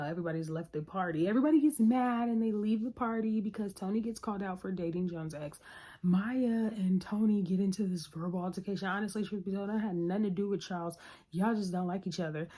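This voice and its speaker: Animated woman recapping a sitcom episode. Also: medium pitch. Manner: animated, acts out quotes, laughs often. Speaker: show recapper. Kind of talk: casual recap chat.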